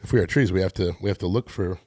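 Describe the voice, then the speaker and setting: A male podcast co-host with a fairly low voice, playful and teasing, who laughs easily and explains his points through analogies. The sound is dry and close to the mic. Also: very fast, mellow, no room sound. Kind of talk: casual podcast conversation.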